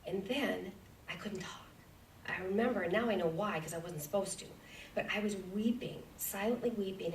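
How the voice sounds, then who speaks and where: A woman in her forties giving a heartfelt personal testimony as a guest speaker in a church, earnest and sometimes dropping to a soft whisper. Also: medium pitch, normal speed, a little hiss or hum. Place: church sanctuary. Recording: echoey church hall from far off.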